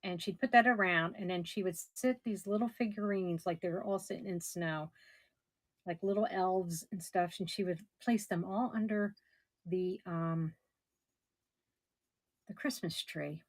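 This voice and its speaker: A middle-aged woman running a casual live auction, chatty and somewhat hoarse as she loses her voice. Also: lowish voice, steady tone, measured pace, no room sound. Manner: chatty, describes items warmly with soft laughs. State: losing her voice. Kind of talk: casual live-stream selling.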